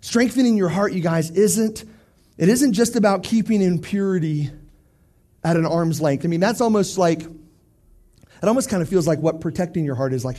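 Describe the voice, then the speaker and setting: A man giving an animated youth sermon, talking straight to teenagers and swinging from hushed to loud. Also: high-pitched, normal speed, long pauses. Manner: addresses teens directly. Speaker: youth pastor.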